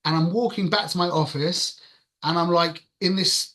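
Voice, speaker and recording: A man with a London accent tells a story to his listeners in a relaxed, animated way. His voice sits a little high and rings bright and forceful. He drops to a hush and then comes back loud as the story builds. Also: normal speed. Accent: London English. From London, England. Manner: animated, conversational, jumps between loud and hushed. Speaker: religious teacher. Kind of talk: storytelling talk to an audience.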